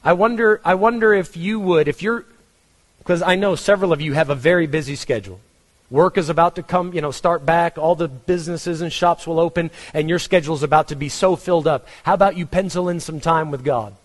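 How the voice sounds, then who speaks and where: A man's voice: on the high side, brisk, long reverb tail. A man with a Texan accent preaching a conversational sermon, asking his congregation questions. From Texas. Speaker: pastor.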